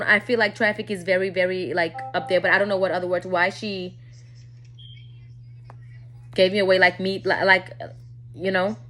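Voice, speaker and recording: A woman telling a personal story to her viewers in a candid, casual way, often dropping low and quiet.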